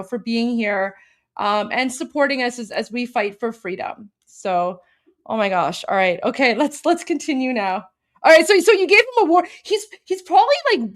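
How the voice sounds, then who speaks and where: A young woman hosting a live stream, reacting to a video with gasps and quick bursts of delight. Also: on the high side. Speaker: livestream host.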